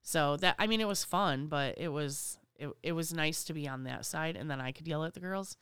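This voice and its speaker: A bright, forceful woman chatting on a podcast, lower-pitched than most women. Her voice is smooth and clear on a dry close mic. She tells stories with gusto, acting out the people in them. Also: normal speed, no room sound. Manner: animated storyteller, acts out quoted people, laughs often. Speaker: podcast co-host. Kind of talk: casual chat.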